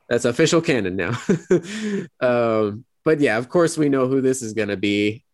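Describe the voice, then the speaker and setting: A man co-hosting a podcast, recapping an episode in a rambling casual way and acting out quoted lines in high voices. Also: lively intonation, slow pace, no room sound. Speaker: podcast co-host.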